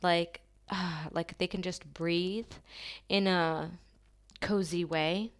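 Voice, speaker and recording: A woman giving a channeled tarot reading to her viewers, talking softly and slowly in an affirming way, with long pauses. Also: fairly low pitch, fairly even intonation. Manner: soft, slow and affirming, with drawn-out pauses.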